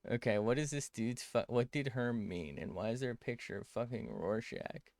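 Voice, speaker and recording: A man's voice: medium pitch, normal speed, darkish tone, no room sound. A man chatting casually as an art streamer while drawing on a tablet, rambling, cutting himself off mid-sentence and swearing freely.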